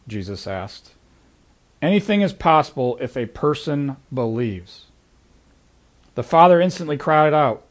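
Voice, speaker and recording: A man's voice: fairly high pitch, lively intonation, measured pace. Earnest conversational male preacher. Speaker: pastor. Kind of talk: sermon.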